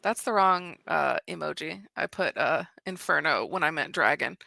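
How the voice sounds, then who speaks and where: Woman, bright tense voice, gravelly fry, playful, teasing livestream co-host. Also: sits low, animated, normal speed, no echo. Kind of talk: casual livestream chat.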